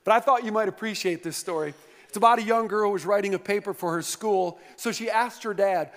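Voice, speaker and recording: A male pastor preaches in a big church hall, mixing anecdotes and jokes with pointed questions to the congregation. His voice sits a little high for a man, and it rings with a long reverb that fills the space. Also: brisk, fairly bright tone. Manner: storytelling preacher, playful humor, rhetorical questions to the congregation. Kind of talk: sermon.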